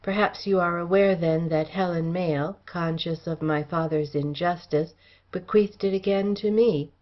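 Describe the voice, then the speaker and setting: A woman reading the part of a smooth, guarded young gentleman heir in an audiobook, with courteous, old-fashioned speech. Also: lowish voice, steady tone, moderate pace, dull audio, lightly acted.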